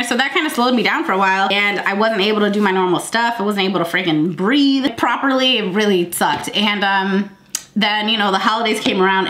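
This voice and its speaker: A woman's voice: medium pitch, a bit bright, roomy sound. Congested woman chatting casually. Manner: rambling, laughing, chatty. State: congested from a cold. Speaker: vlogger. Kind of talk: casual sit-down chat.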